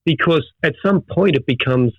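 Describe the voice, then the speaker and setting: A middle-aged Australian man, a veteran firefighter, talking in an animated storytelling way with many restarts in a casual interview. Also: a little high, moderate pace, no echo. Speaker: firefighter guest. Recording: dull dry audio.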